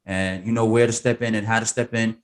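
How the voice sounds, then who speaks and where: A man's voice: on the low side, fairly even intonation, a little fast. A man hosting an interview, enthusiastic and emphatic, cheering on his guest. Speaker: host. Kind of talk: casual interview.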